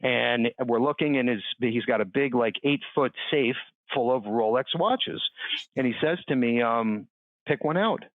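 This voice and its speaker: Animated male storyteller on a tinny line. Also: medium pitch, unhurried, no echo. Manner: animated storyteller, acts out quoted people. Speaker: interview guest. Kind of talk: storytelling in a podcast interview. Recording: dry, tinny phone-like line.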